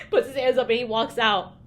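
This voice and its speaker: A woman's voice: fairly high pitch, sing-song, moderate pace, a bit bright, a little hiss or hum. A young woman co-hosting a podcast, telling candid stories in casual chat and swearing freely. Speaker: podcast co-host.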